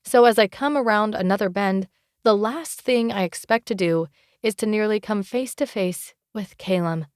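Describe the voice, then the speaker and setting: A woman narrating a fantasy romance audiobook in first person, wry and expressive, close to the mic. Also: mid-range voice, moderate pace, smooth, no room sound.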